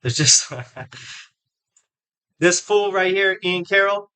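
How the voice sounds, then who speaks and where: A man's voice: high voice, steady tone, drawn-out words, crowd noise. A male host giving casual ranting commentary, mocking and profane, full of slang.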